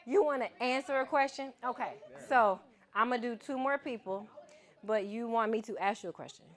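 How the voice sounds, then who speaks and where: A woman's voice: a little high, normal speed. A woman giving a keynote to students, talking casually and playfully, calling on people in the audience. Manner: lively, playful, calls on the crowd. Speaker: keynote speaker. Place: event hall with an audience.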